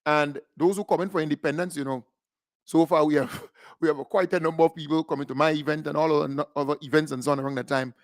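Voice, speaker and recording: A middle-aged Grenadian man hosting call-in radio, animated and repetitive, laughing often and swinging between loud and quiet. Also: fairly high pitch, fast talker, dry recording, studio quality. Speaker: radio host.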